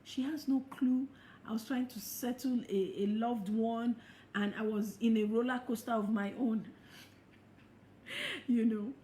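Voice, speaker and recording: A middle-aged woman giving a motivational talk as a life coach, expressive and laughing often as she acts out quoted thoughts. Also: on the high side, unhurried, long pauses. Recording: echoey room with faint noise.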